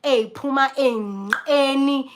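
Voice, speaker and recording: A young South African woman vlogger telling a story in a casual, animated way, often acting out the voices of the people in it. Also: high voice, slow pace. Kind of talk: casual storytelling, mixing English and Zulu.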